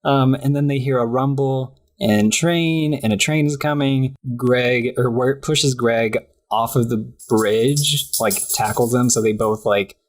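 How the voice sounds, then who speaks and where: A woman's voice: very deep voice, unhurried, few pauses, a little mellow. A woman co-hosting a casual podcast, chatting through a cartoon episode and acting out the characters' lines with giggles. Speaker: podcast co-host. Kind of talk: casual chat recapping a cartoon.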